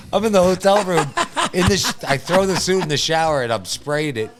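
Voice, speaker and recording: A man's voice: a little high, animated, a little fast. A man on a podcast telling an embarrassing story about himself, laughing as he goes. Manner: laughing through a self-mocking story. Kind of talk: casual storytelling.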